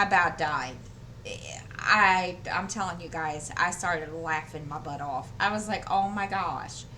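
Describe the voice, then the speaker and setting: Using a desk microphone with slight background noise, a woman with a sharp-toned, mid-range voice chats casually to her channel while diamond painting. She rambles through a story, full of fillers and restarts.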